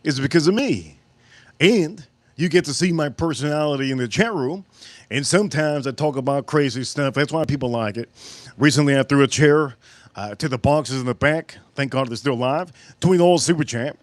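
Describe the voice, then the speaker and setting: A man's voice: medium pitch, moderate pace, no echo. A man hosting a live cooking and whiskey stream, rambling and joking off on tangents while thanking viewers and reading their messages aloud. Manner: rambling, jokey, goes off on tangents. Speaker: livestream host of a cooking and whiskey channel.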